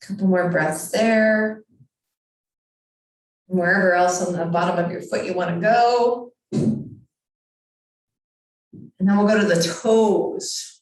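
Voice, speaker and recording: A woman's voice: mid-range voice, slow, long pauses. Echoey, distant woman guiding yoga. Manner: calm, encouraging step-by-step cues. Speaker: yoga teacher. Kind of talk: guided yoga instruction. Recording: very echoey room, far from mic.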